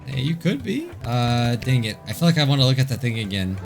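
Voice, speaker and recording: A young man giving excitable, joking commentary while playing a video game. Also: medium pitch, a little fast, gravelly, soft background music. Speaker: gaming video host. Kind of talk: let's play commentary.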